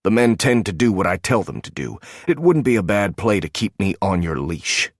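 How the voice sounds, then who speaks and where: A man's voice: deep voice, big pitch swings, normal speed, dry recording, clean studio sound, full character voice. A man doing a bitter, wounded male agent. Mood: accusing. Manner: bitter, accusing, restrained. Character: wounded, angry male team leader and agent.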